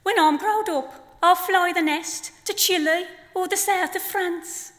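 A woman with a Black Country accent voicing a chattering, eager baby boy flamingo in a performed poem. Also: measured pace. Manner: high, excitable questioning. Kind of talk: performed poetry reading. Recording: long hall reverb.

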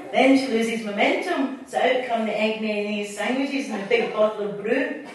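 A woman's voice: fairly high pitch, normal speed, a bit bright, slight background noise. A Scottish woman poet reading her poems to a live audience, with chatty asides between them. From Scotland. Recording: distant mic in an echoey hall.

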